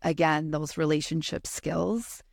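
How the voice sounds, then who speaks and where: A woman's voice: sits low, steady tone, a little slow, vocal fry, dry recording, clean studio sound. A woman who works with school students, talking earnestly in an interview with frequent fillers. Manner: earnest and thoughtful, with many fillers. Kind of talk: casual interview chat.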